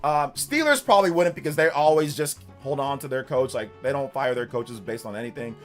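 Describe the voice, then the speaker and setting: A man's voice: mid-range voice, expressive, brisk, fairly bright tone, faint music behind. A male streamer talking casually on a live stream, arguing emphatically with his chat. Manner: emphatic, argumentative, talks back to chat.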